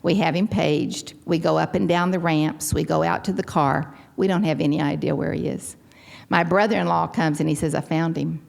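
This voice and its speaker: An older Texan woman speaks to a gathering, telling her own story with a low, gravelly voice. She acts out the people she quotes, her voice jumping up for each of them. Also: fairly even intonation, moderate pace, a little mellow. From Texas. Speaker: recovery meeting speaker. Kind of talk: personal testimony talk. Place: large hall.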